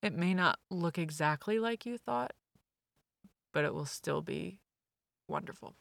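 A woman in her forties talks as a podcast guest, with a gravelly, low-set voice. She speaks in a candid, emotional, rambling way, and the recording is dry and close. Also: animated, unhurried, fairly bright tone, dry recording. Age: 40s. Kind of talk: candid casual chat.

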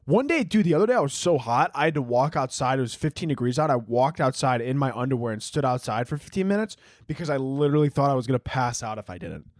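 A man's voice: medium pitch, animated, fast, dry recording. Young man, solo podcast host, rambling crude jokes, dry close sound. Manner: rambling, crude, jokey, lots of "like" and "dude".

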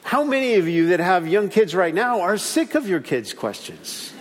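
Pastor, male, high-pitched, animated sermon delivery with repeated refrains, long hall reverb. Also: normal speed, slight background noise. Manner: animated, repeats key phrases, acts out little stories.

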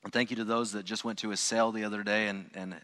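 A man's voice: fairly low pitch, level tone, quick pace, pushed and bright. A man, a pastor, telling a personal story to his congregation in a loose, conversational way with frequent restarts and asides. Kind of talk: storytelling sermon. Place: church sanctuary. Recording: long hall reverb.

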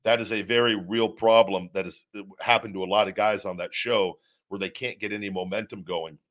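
Casual live-stream host, male, lowish voice, candid and rambling, answers chat questions off the cuff. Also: steady tone, fairly quick, fairly bright tone.

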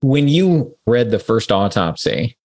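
A man hosting a true-crime podcast, asking calm, probing questions and reading scripted narration. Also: medium pitch, a little slow. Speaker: podcast host and interviewer. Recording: music bed under the voice.

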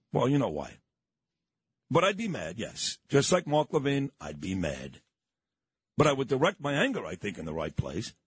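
A man with a New York accent hosts a morning radio talk show, ranting combatively and indignantly while repeating his points. His medium-pitched voice is husky, recorded on a studio microphone with no echo.

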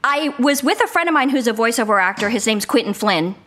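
A woman voice actor chatting as an interview guest from her living room, telling animated stories and laughing often. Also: on the high side, fairly quick. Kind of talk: casual interview chat.

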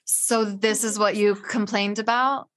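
A woman's voice: mid-range voice, fairly even intonation, unhurried, fairly bright tone. A woman hosting a casual conversation, asking probing, wry questions.

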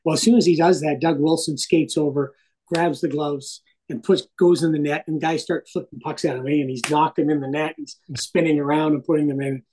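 A middle-aged man, a hockey broadcaster and interview guest, telling stories in a casual, animated way and swearing freely. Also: fairly high pitch, a little fast, slight background noise, low-quality recording.

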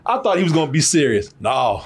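A man hosting a casual movie review podcast, animated and profane, laughing often and slipping into funny voices. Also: fairly high pitch, brisk, over music. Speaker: podcast host.

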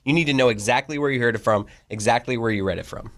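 Man, podcast co-host, mid-pitched voice, wry teasing casual talk. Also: quick pace, fairly bright tone. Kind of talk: casual chat.

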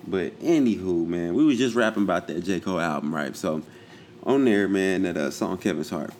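A man's voice: sits low, moderate pace, darkish tone, a little hiss or hum. A man co-hosting a casual chat, laid-back and slangy, rambling with lots of fillers. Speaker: podcast co-host.

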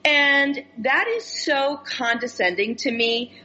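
A woman's voice: fairly high pitch, expressive, normal speed, pushed and bright, muffled recording, a little hiss or hum. An older woman co-hosting a podcast in casual, chatty conversation, with self-mocking humor. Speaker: podcast co-host. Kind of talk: casual chat.

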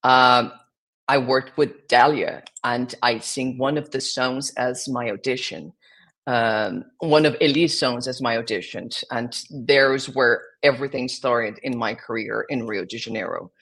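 A man's voice: mid-range voice, unhurried, fairly bright tone. A young adult man with a Brazilian Portuguese accent, a singer and actor answering interview questions and often restarting as he looks for words. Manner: searching for words, many restarts.

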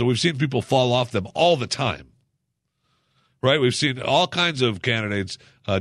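A man's voice: medium pitch, fairly bright tone, no echo, clean studio sound. A man giving casual political commentary as a podcast host, in a sarcastic, ranting, mocking manner.

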